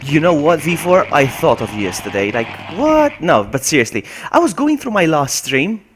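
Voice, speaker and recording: A man streaming a game with live commentary, excitable, swinging from quiet mutters to loud yelps. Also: fairly high pitch, normal speed, a little hiss or hum.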